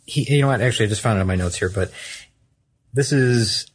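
A man's voice: medium pitch, fast talker, breathy edge. A man co-hosting a podcast, casually telling a story from his notes, rambling and correcting himself as he goes. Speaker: podcast co-host.

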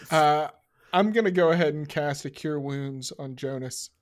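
A man's voice: on the high side, normal speed. A man playing a tabletop game, folksy and easygoing in character. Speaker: player. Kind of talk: tabletop role-play.

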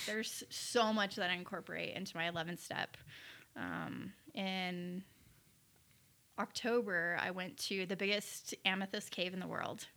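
A woman talks on a podcast with a bright, forceful voice. She is eager and chatty, and she strings her stories together in long, run-on bursts. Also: mid-range voice. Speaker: podcast guest. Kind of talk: casual conversation.

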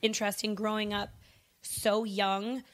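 A woman co-hosting a casual podcast chat, animated and exclamatory, laughing often. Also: mid-range voice, measured pace. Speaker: podcast co-host.

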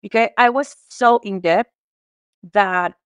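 Woman from Mexico, interview guest, heartfelt and tearful, smooth voice, dry close sound. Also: medium pitch, slow, no echo, muffled recording. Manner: heartfelt, tearful, many restarts and fillers. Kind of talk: emotional conversational interview.

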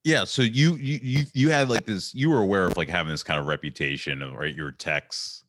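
A man hosting a casual interview, asking halting questions full of fillers. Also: deep voice, a bit bright, no room sound. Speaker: podcast host.

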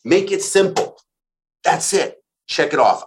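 A man's voice: mid-range voice, very animated, a little slow. A man giving a profane, emphatic motivational talk as a podcast guest.

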